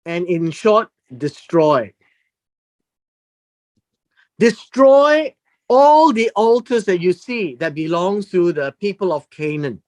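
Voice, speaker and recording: A Bible teacher working slowly through a passage, stretching out key words with an unhurried pace. The pitch rises and falls a great deal, and points are driven home with emphatic repetition. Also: lively intonation, darkish tone. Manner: deliberate, emphatic, explains word meanings with repetition.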